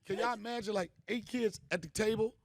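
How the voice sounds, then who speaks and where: The clip is studio quality with no room sound, and the man's high voice moves a little fast. He is a middle-aged comedian hosting an event, telling the crowd loose, slangy, joking stories.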